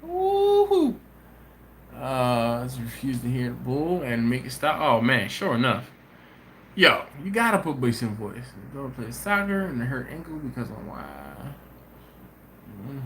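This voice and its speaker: A man's voice: mid-range voice, lively intonation, normal speed, pushed and bright. A man hosts a casual live-stream chat, reading viewer comments and answering them with stories. His voice rises and falls animatedly, and he breaks into laughter often. A faint hiss of noise sits under the voice. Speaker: host of a barbecue channel live stream.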